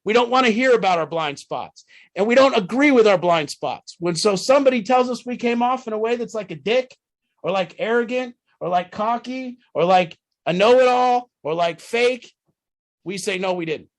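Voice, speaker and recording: Blunt, profane man with a high voice. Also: lively intonation, moderate pace. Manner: rhetorical questions, swings loud and high when worked up. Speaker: group leader. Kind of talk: group talk on addiction recovery.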